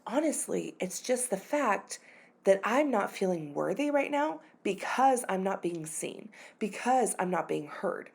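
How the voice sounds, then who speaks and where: A woman's voice: medium pitch, big pitch swings, measured pace, gravelly, darkish tone, husky. A woman in her thirties speaks close to the mic in a candid, confessional podcast monologue. Her talk is loose and full of fillers, and her voice at times sounds near tears. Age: 30s. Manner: candid and confessional, uses many fillers like "like" and "you know". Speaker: podcast host.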